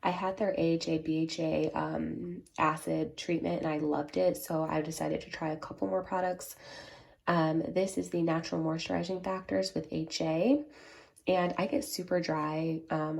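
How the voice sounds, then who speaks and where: A woman's voice: sits low, creaky. A young woman chatting casually at home for her vlog, a little congested and nasal, with plenty of fillers. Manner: chatty, filler-heavy, speaks softly at times. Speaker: vlogger. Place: at home, bedroom.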